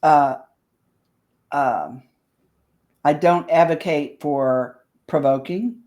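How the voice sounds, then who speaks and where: A woman's voice: low-pitched, extremely slow, mellow. An older woman co-hosting a radio talk show in casual chat, blunt and salty.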